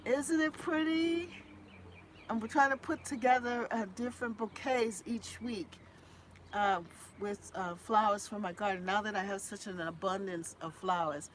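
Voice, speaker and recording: A woman with a Boston accent hosts a live gardening stream recorded on a phone, which leaves a little hiss or hum. Her mid-range voice is measured in pace as she chats warmly and effusively with viewers. She also sings a short homemade jingle.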